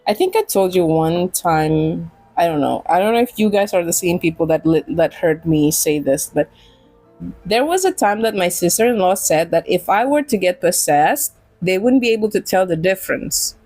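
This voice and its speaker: A woman's voice: on the low side, expressive, moderate pace, a little mellow, no echo, faint music behind, rough recording. A woman streamer chatting casually while gaming, rambling and giggling often. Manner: giggly and rambling, with frequent laughs and restarts. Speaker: game streamer.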